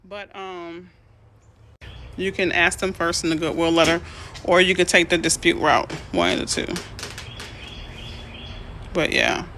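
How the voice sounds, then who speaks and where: Woman realtor, casual live-stream host; chatty, excitable, bright tone, faint birdsong behind. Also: fairly low pitch, a little slow, long pauses, slight background noise. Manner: reads out and answers viewer comments; chatty, excitable, easily emotional. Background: birds chirping faintly.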